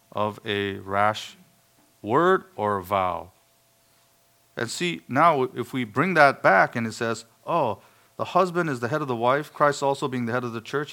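A man preaching a sermon, stressing words loudly and then dropping to quiet asides. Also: mid-range voice. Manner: emphatic, swings between hushed asides and loud stressed words.

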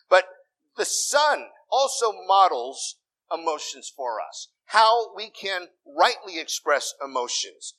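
Middle-aged male pastor, conversational sermon delivery, higher voice with a bright edge. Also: rough recording. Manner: conversational preaching with asides and self-corrections.

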